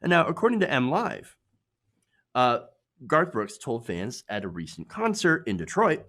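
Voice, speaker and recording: A man from Michigan hosting casual political commentary, sarcastic and quick to laugh. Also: medium pitch, huge pitch swings, fairly bright tone. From Michigan, USA.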